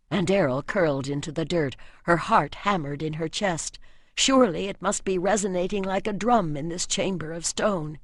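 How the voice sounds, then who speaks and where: A woman narrating a fantasy audiobook in a measured, expressive reading voice. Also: on the low side, no room sound, studio quality.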